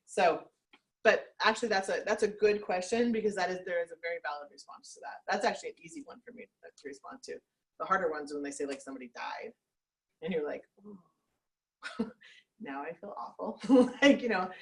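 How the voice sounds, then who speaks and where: A woman's voice: medium pitch, fairly bright tone, poor audio. A woman leading a sales team meeting, chatty, laughing often and acting out little quotes. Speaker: team leader. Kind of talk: team meeting pep talk.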